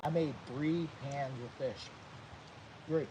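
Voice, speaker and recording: A man's voice: fairly high pitch, steady tone, slow pace, noisy background. A man hosting a vlog, chatting upbeat and straight to viewers while eating and cooking. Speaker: vlog host. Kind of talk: casual chat to camera.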